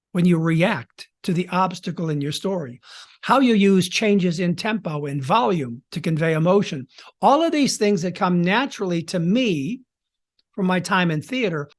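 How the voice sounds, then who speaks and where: Theatrical male storytelling coach. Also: high voice. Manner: theatrical, with dramatic pauses and shifts in tempo and volume. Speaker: podcast host and storytelling coach. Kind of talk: podcast teaching monologue.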